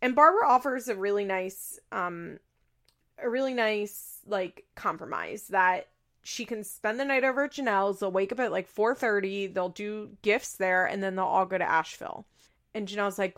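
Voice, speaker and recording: Lady podcaster recapping stuff, lots of vocal fry, giggly and chatty. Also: medium pitch, normal speed, fairly bright tone. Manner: chatty, laughs often. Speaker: podcast host. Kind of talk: casual recap chat.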